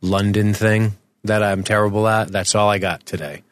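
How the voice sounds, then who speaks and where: This American podcast co-host, a man in his forties, keeps the chat casual, rambling and joking with the odd curse. He speaks at normal speed in a lowish voice with fairly even intonation, captured on a studio microphone.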